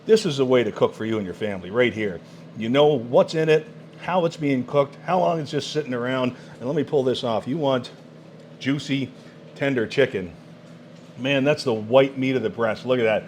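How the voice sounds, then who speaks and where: A man's voice: medium pitch, normal speed, a little mellow, slight background noise. A man presenting a countertop cooker in a product demo, exclaiming with enthusiasm over the food. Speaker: product demonstrator.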